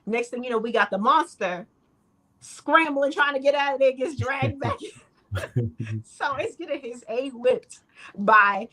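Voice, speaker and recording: A woman's voice: high-pitched, very animated, measured pace, pushed and bright. Casual woman retelling a plot. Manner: retells the plot loosely, with slang and laughs. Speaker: co-host. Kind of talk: casual chat.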